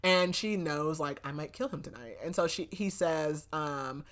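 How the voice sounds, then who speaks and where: A young woman with a fairly low voice chats her way through a book recap on her podcast. She talks loosely, leaning on constant fillers and laughing often as she goes. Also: a little slow. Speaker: podcast host. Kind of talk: casual book recap chat.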